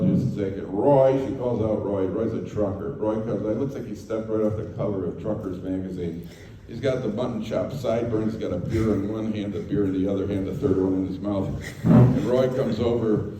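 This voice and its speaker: A man's voice: lowish voice, mellow, a little hiss or hum. An American man, a rabbi, giving a Torah talk to a live audience, telling stories with jokey asides and acting out the dialogue. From United States. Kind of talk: Torah talk with humorous storytelling. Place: lecture hall to a live audience. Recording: echoey hall, mic from far off.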